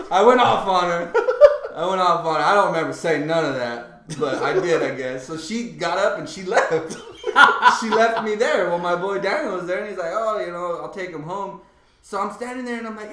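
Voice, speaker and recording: A man's voice: high voice, fairly quick, roomy sound, crowd noise. A man telling a rowdy story in casual chat as a podcast guest, laughing through it and swearing freely. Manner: laughs through his story, animated, profane. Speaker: guest, host's younger brother.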